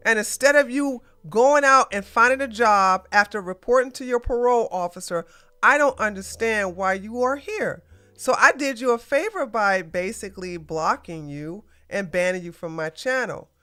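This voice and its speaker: A woman's voice: mid-range voice, lively intonation, moderate pace, pushed and bright, clean tone. A woman hosting a casual political commentary livestream, blunt and ranting, with plenty of slang. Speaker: podcast host.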